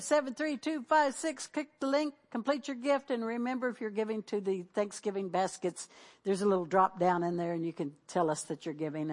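Woman pastor preaching with fervor. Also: fairly high pitch. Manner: exhorting, call-and-response, repeats declarations. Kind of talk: sermon.

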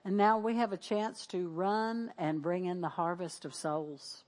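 A woman's voice: lowish voice, fairly even intonation, unhurried, a little mellow. A middle-aged woman pastor preaching, exhorting the congregation with call-and-response and repeated declarations. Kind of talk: sermon.

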